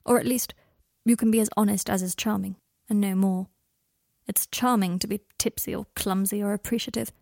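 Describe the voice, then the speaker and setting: A sharp-tongued young wizard confides in a low, half-whispered murmur, voiced by a woman reading a fan fiction audiobook. The tone is husky and slightly gravelly. It sounds dry and close, with no room around it. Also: fairly even intonation, moderate pace, no echo. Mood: wry. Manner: soft, hushed, often half-whispered.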